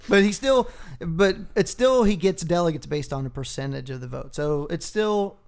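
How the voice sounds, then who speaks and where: A man's voice: fairly high pitch, moderate pace, vocal fry. A man co-hosting a casual podcast, telling stories animatedly with lots of swearing and laughter. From Texas, United States. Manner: profane, animated storytelling with laughs. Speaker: podcast co-host. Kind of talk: casual chat.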